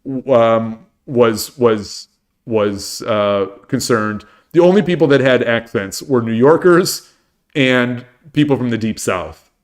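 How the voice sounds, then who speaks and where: A man's voice: medium pitch, expressive, slow pace. Rambling middle-aged man streaming. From American Midwest. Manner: rambling, with many restarts and repeated phrases. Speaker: livestream host. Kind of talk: casual chat with viewers.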